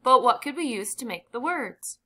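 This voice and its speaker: A woman's voice: a little high, animated, normal speed, voice pushed up. A woman reading as kind older sister Jessie. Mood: encouraging. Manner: warm and encouraging.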